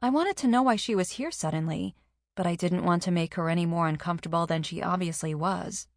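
A woman with a low voice reads a first-person audiobook in a measured, even way. The recording is close and dry, with no room sound. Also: no echo.

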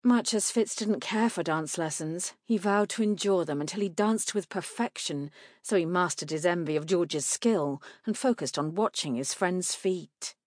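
A woman narrating an audiobook in a measured, clear way. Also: fairly low pitch, darkish tone, dry recording, studio quality.

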